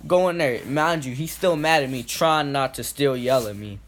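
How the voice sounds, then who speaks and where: A young man telling a casual story, rambling with lots of "like" and "boom", getting loud and then quiet as he acts out scenes. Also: moderate pace, a little hiss or hum. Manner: swings from loud to quiet when acting out scenes.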